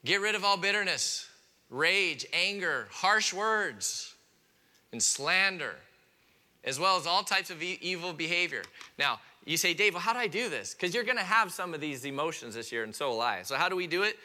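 Bright-voiced man preaching. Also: sits high, moderate pace. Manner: animated preaching, acts out listeners' objections in a raised voice; drops to a quiet, soft delivery on key points. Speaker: pastor. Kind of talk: sermon.

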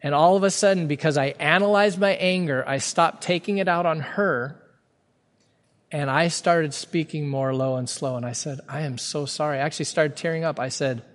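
A man preaching a sermon as pastor, earnest and emphatic, stretching key words slowly for weight. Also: fairly high pitch. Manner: earnest, emphatic preaching with sudden slow-downs. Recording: long hall reverb.

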